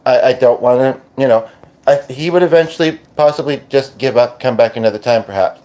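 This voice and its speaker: A Canadian man hosting a podcast as a medium, talking casually and haltingly with many restarts. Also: mid-range voice, dark tone. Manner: hesitant, full of restarts and fillers. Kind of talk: casual channeling monologue.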